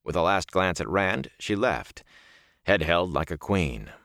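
Deep-voiced male audiobook narrator. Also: lively intonation, creaky, a bit bright, no room sound, clean studio sound. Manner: measured, dramatic storytelling. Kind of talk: scripted fantasy narration.

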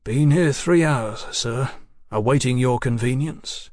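A man reads as a dry Victorian police detective, measured and unhurried, politely probing with each question. The voice sits in a middle register, recorded close and dry with no room around it. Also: medium pitch, a little mellow, no echo, natural voice.

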